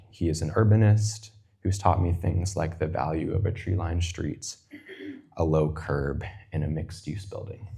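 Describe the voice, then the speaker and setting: A man in his twenties giving an unhurried, poetic reflection, lingering over long lists and sometimes dropping to a near-whisper. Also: deep voice, mellow. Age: 20s. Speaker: guest speaker. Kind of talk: reflective personal reading.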